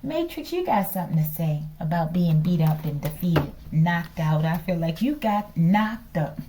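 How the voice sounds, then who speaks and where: A woman's voice: fairly low pitch, animated, moderate pace, noisy background. A woman giving a casual spiritual tarot reading in a chatty, teasing way, often ending lines with a questioning "okay?" and sometimes dropping to a whisper. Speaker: tarot reader.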